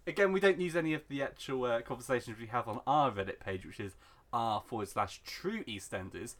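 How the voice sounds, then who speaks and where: A man's voice: medium pitch, expressive, a bit bright. Sarcastic man hosting a podcast. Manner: brisk, mock-serious, sarcastic. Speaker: podcast host. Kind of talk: casual podcast chat.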